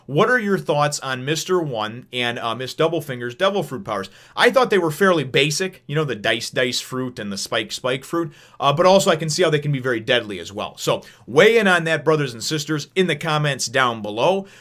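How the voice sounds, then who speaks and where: A man hosting a casual review channel, rambling with lots of fillers and acting out characters' lines in an animated way. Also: on the high side, fairly quick, few pauses. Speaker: manga review channel host.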